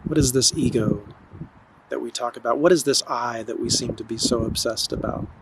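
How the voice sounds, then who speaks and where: A man giving a spiritual talk in a calm, gentle and nurturing manner, recorded outdoors in the wind. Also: mid-range voice, moderate pace. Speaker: spiritual teacher. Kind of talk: slow meditative spiritual talk.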